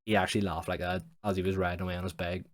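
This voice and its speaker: A young man with a deep voice rambles through a story on his podcast. He swears freely and fills nearly every pause with "like". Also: flat delivery. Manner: rambling, sweary, heavy use of "like". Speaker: podcast host. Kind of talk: casual storytelling monologue.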